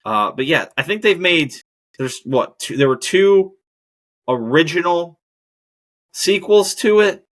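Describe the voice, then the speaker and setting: Profane ranting man, lively pitch. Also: takes it slowly, pauses often. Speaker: podcast host. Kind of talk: casual monologue.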